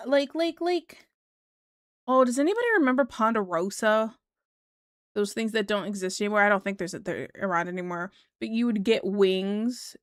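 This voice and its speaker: A woman's voice: medium pitch, dry recording, studio quality. Giggly streamer woman chatting with viewers. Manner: rambling, giggly, many fillers. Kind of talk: casual chat reading viewer comments.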